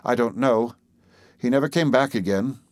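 A man's voice: medium pitch, moderate pace, no room sound, clean studio sound, close to an everyday voice. A man doing a plain-spoken old villager. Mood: matter-of-fact.

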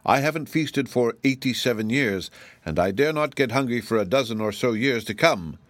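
A man's voice: mid-range voice, animated, normal speed, fairly bright tone, no room sound, lightly acted. A man voicing a sleepy old dragon who lectures the young about patience. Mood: lecturing. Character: drowsy old dragon, sternly preachy.

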